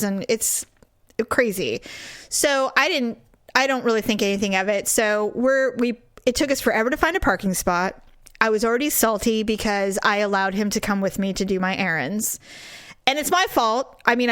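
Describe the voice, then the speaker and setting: A woman co-hosting a podcast, telling a story in a casual, animated and indignant way. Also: a little high, clean tone, dry recording, clean studio sound. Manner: animated, indignant venting with vivid retelling. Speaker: podcast co-host.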